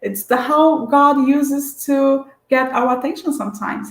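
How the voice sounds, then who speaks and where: A woman's voice: high-pitched, fairly even intonation, measured pace, hardly any pauses. A woman giving a spiritual lecture in an earnest, searching way, with frequent restarts and fillers. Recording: echoey room.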